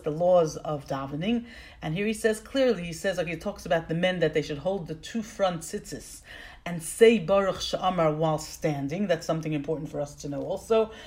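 Woman teaching an online prayer class. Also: on the low side. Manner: warm explaining with fillers and restarts. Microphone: video call.

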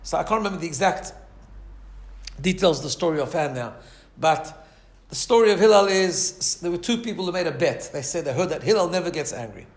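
A man's voice: on the high side, lively intonation, brisk, reverberant. Man giving a chatty Torah class. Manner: conversational, keeps asking "right?", acts out quoted voices. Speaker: rabbi teaching a class. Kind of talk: Torah lecture.

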